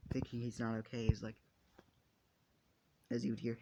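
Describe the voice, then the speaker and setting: Gravelly man rambling through a fan story. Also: mid-range voice, level tone, quick pace, long pauses, mellow, highs cut off, a little hiss or hum. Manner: rambling, restarts, casual swearing. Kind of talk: improvised fan story narration.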